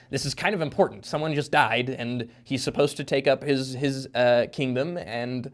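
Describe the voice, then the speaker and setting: A man speaking as a guest author in a casual podcast conversation. His pitch sits in the ordinary middle range. He rambles and restarts, padding his explanations with fillers. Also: steady tone, moderate pace, hardly any pauses.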